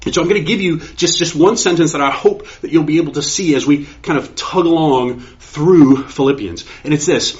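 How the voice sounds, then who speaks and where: A man with a fairly high voice preaches a sermon, eager and quick to repeat himself as his thoughts run ahead. The sound is dull and lo-fi, with the top end rolled off. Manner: excitable, restarts and repeats words. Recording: dull lo-fi recording.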